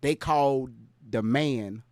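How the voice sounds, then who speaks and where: A man's voice: mid-range voice, very slow, no room sound. Casual male livestream host, dry sound. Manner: mumbling and trailing off into fillers, then laughing and ranting loudly.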